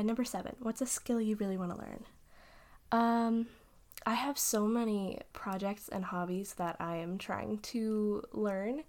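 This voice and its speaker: A young woman, an audio role-play creator, answering questions in a rambling, giggly casual chat. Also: medium pitch. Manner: rambling and giggly, often trailing off with fillers.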